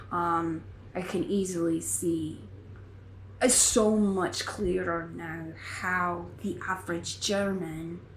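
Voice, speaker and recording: A woman hosting a knitting podcast, talking in an earnest, rambling, heartfelt way. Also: lowish voice. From United States. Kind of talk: casual chat. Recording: echoey room with faint noise.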